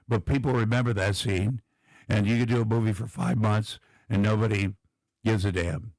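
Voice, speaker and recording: A man's voice: lowish voice, normal speed, dry recording. A middle-aged man, a comedian and actor, telling self-deprecating stories as a guest on a talk show. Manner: self-deprecating, animated storyteller. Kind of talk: casual anecdotal storytelling.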